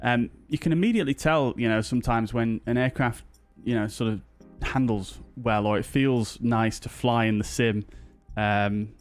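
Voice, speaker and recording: A British man streams a flight simulator in casual live-stream chat, greeting viewers one by one with plenty of ums and uhs. His mid-range British English voice moves at a moderate pace with few pauses, with no room sound and soft background music.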